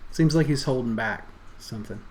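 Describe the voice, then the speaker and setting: A man narrating a tabletop game as game master, relaxed and halting. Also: mid-range voice, slight background noise, low-quality recording. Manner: relaxed, halting, many fillers.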